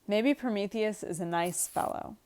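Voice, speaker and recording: A woman's voice: medium pitch, moderate pace, a little mellow, clean tone, close to an everyday voice. A woman reading aloud the lines of a weary, patient young wife from a script. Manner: read aloud from a script, lightly acted.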